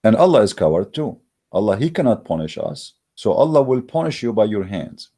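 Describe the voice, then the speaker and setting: Scornful low-voiced man ranting. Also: very animated, brisk, dark tone. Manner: scornful, mocking, emphatic with many fillers. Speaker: online religious debater. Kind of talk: heated polemical monologue. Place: recorded while in Germany.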